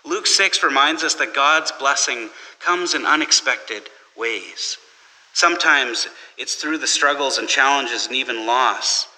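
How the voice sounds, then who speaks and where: A man's voice: mid-range voice, pushed and bright. A man preaching a sermon in a conversational storytelling way, with restarts. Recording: long hall reverb.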